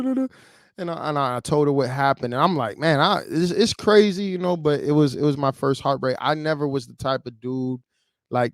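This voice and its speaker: A man in his thirties from Chicago tells a personal story on a livestream. He speaks in a casual, emotional way, full of "like" and "you know." His voice sits at a middle pitch, and it sounds dry and close to the mic. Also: clear, resonant tone, no echo. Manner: emotional, conversational, many fillers. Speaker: livestream host.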